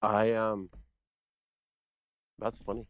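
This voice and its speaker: Low-voiced guy, chill podcast chat, kinda muffled dull audio. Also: monotone, extremely slow, no room sound. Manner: laid-back, brief reactions. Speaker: podcast co-host. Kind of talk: casual chat.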